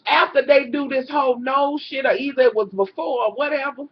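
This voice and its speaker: A woman with a high-sitting voice rants fairly quickly through a reality show recap, cursing nonstop and addressing her audience as "y'all." She sounds animated and exasperated, and it's a dull lo-fi home recording.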